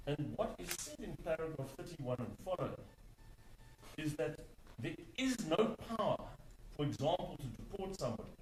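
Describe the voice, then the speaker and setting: A man arguing a legal case before a court, emphatic, stressing and repeating key words. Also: a little high. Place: large courtroom. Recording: echoey courtroom, distant mic, faint hum.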